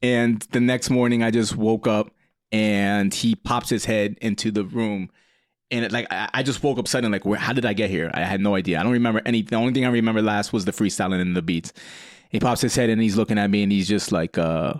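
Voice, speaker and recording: A man's voice: on the low side, fairly even intonation, brisk, dry recording, studio quality. A man on a podcast as a guest, telling a rambling party story in casual chat and laughing often.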